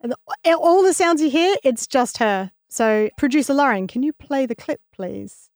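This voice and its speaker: A woman's voice: high-pitched, lively intonation, normal speed, a little mellow, no echo, studio quality. A young woman co-hosting a podcast, explaining things with enthusiasm. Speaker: podcast co-host. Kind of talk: casual chat on a science podcast.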